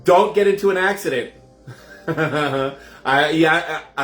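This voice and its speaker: A man's voice: on the high side, measured pace, fairly bright tone, faint music behind. A man hosting a casual home cocktail show, chatting straight to his viewers. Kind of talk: casual live cocktail demo. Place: indoors at home. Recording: roomy echoey room.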